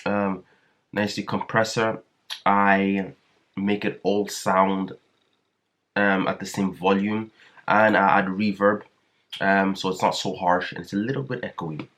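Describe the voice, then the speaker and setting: In his laid-back screen-recorded tutorial on music production, this man talks hesitantly, full of fillers and restarted sentences. His deep voice is slightly bright and steady in tone, moving at a measured pace with long pauses.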